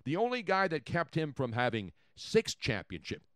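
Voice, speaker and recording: A man hosting a sports talk show, talking in a loud, theatrical way and bantering with his co-host. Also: fairly high pitch, big pitch swings, moderate pace, no room sound, clean studio sound.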